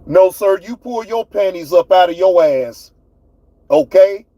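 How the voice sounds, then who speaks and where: A man's voice: sits high, lively intonation, a little slow, mellow, no echo, highs cut off. A man with hosting his own livestream, ranting at his chat in a fiery, profane way. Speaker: livestream host. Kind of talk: heated livestream rant.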